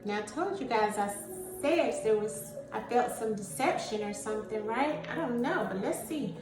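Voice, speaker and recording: Woman doing a slow tarot reading, calls everyone family, sounds far off in an echoey room w/ music under it. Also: on the high side, lively intonation. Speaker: tarot card reader. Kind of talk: spiritual tarot reading video. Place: room at home with incense burning.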